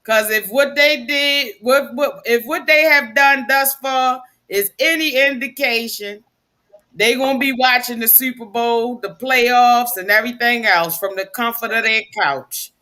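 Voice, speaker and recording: Slow, bright-voiced woman co-host. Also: on the high side. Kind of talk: casual sports talk.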